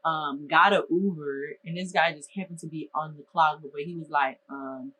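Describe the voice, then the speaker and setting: A young adult woman from Minnesota telling a storytime vlog in a lively, exasperated way, full of casual slang. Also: sits low, moderate pace, slight background noise, low-quality recording.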